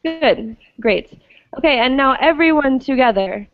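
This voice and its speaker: A woman's voice: high-pitched, lively intonation, measured pace, phone-quality sound. A woman teaching an English pronunciation class, patiently explaining and often checking understanding with "okay?".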